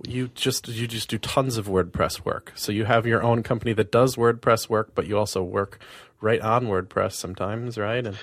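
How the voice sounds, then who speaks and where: A man's voice: lowish voice, steady tone, moderate pace, no room sound, studio quality. A man hosting a podcast in casual chat, reading sponsor spots and rambling with many fillers and restarts. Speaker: podcast host.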